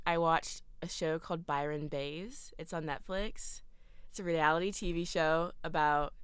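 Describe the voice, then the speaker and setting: A giggly, animated young woman chatting as a podcast co-host. Her voice is a touch low but bright and crisp. The sound is dry and close-miked. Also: no room sound. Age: young adult. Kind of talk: casual chat.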